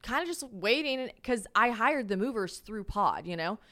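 A woman hosting a podcast from a small apartment, telling a story in a casual, animated way, swearing freely and poking fun at herself. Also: on the high side, moderate pace. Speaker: podcast host.

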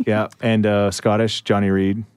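Man, radio co-host, low dry voice, loose rambling chatter. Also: flat delivery, moderate pace, a little mellow, clear, resonant tone, dry recording. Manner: rambling, fills with uh and like. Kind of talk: casual chat.

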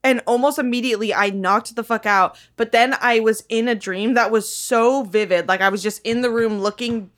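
A woman's voice: on the high side, steady tone, moderate pace, few pauses, fairly bright tone. A woman co-hosting a podcast, telling stories in a teasing, profane casual chat with frequent laughs. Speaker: podcast co-host.

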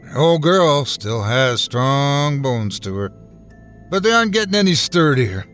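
A gruff, dry-humored old grandfather in an audio horror story, played by a man. He drawls slowly, his pitch rising and dipping a lot. Faint music sits under the voice. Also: big pitch swings, fairly bright tone. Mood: warning. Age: older. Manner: slow, low, drawling.

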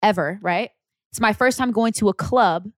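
A young woman from California in her twenties, chatting casually as a podcast guest, bubbly and quick to laugh. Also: mid-range voice, dry recording, clean studio sound. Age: 20s. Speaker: guest, singer.

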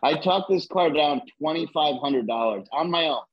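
A man co-hosting a casual podcast chat, an animated storyteller with a husky voice who swears freely. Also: fairly high pitch, normal speed, highs cut off.

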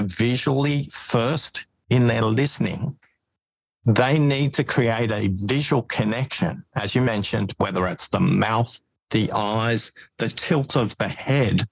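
A man's voice: fairly low pitch, creaky, no room sound, poor audio. A man speaking as a guest in an interview over a video call, explaining his ideas step by step in lists. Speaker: podcast guest and author on listening. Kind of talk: interview conversation.

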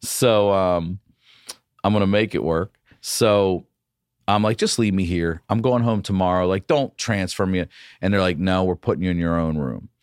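A man, a comedian guest on a podcast, telling a story in a casual, profane, animated way. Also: deep voice, normal speed, clear, resonant tone, no echo.

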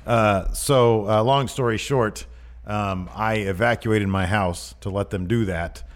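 A man's voice: fairly low pitch, slow. A man co-hosting a podcast, chatting casually in a rambling, jokey way. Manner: rambling, animated, jokey asides. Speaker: podcast co-host.

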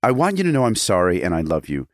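Very deep-voiced playful man. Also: wildly swooping pitch, fast, no room sound, studio quality. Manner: playful, joking. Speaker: guest. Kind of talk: casual podcast chat and dramatic reading.

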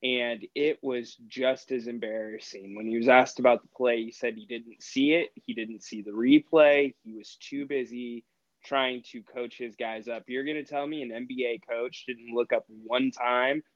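A man's voice: mid-range voice, fairly even intonation, moderate pace, no room sound. Male radio co-host, argumentative casual talk, dull dry sound.

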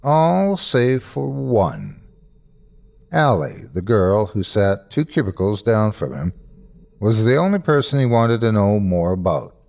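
A man hosting and narrating a horror story, reading in an expressive, dramatic storyteller's way. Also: mid-range voice, vocal fry. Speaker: host and narrator.

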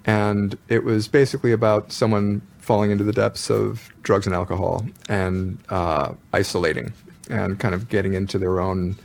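A man guests on an interview, speaking in a low voice with a gravelly edge. He tells his stories thoughtfully and at a measured pace. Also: little pitch movement, darkish tone. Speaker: musician guest. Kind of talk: casual interview chat.

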